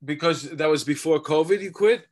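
A man who is a comedian, talking casually as a podcast guest with halting, self-deprecating jokes. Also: fairly high pitch. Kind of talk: casual chat.

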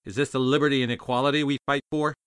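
A man's voice: medium pitch, flat delivery, quick pace, a bit bright, clean tone, dry recording, clean studio sound, voice pushed up, natural voice. A man voicing a cold, hungry nineteen-year-old sentry who gripes about his lot. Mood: griping. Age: young adult. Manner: griping.

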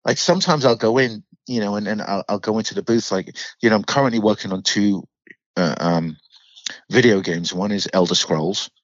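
A man with a mixed British and American accent, chatting as an interview guest and telling animated stories, swearing freely. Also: fairly low pitch, normal speed, no echo, lo-fi sound. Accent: mixed British and American, mid-Atlantic. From United Kingdom. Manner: animated storyteller, swears freely, acts out quoted voices. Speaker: actor and podcast guest. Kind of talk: casual interview chat.

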